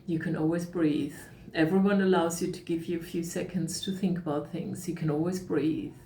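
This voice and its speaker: A middle-aged woman speaking as a coach in a calm, reflective way, sometimes acting out the thoughts in someone's head. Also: lowish voice, normal speed. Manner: calm, reflective, acts out inner voices. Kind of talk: talk on emotional coaching. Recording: echoey room with faint noise.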